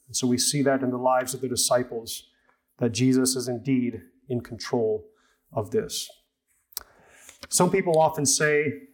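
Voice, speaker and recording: A man's voice: mid-range voice, a little slow, long pauses. A man preaching a sermon, earnest, reading a story aloud to his congregation. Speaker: pastor.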